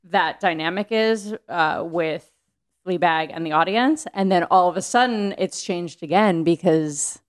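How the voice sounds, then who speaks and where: Lower-pitched woman chatting in rambling bursts. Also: a little slow. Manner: rambling, restarts often, swears casually. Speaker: podcast guest. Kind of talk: casual chat.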